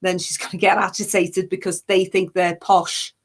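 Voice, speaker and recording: A woman's voice: lowish voice, little pitch movement, moderate pace, a little hiss or hum. An English actress with a fairly neutral, near-London accent, chatting casually in an interview, laughing often and restarting her sentences. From Yorkshire, England. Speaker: actress and online parody creator.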